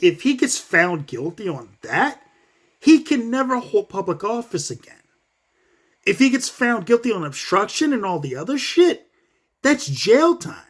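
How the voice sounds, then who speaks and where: Animated high-voiced man ranting. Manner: profane, animated, fast bursts, acts out quotes. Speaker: vlogger. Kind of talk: casual commentary rant.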